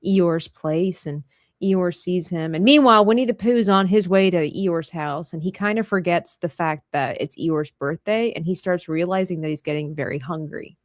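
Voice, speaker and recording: A woman's voice: fairly low pitch, moderate pace, dry recording, clean studio sound. A woman in casual chat, animatedly retelling a storybook tale and laughing as she goes. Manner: animated storyteller who acts out lines with laughter. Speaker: podcast co-host.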